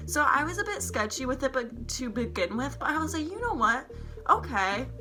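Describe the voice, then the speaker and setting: A young woman telling a storytime vlog in an excited, rambling, swearing way. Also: high voice, a little fast, faint music behind. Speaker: vlogger.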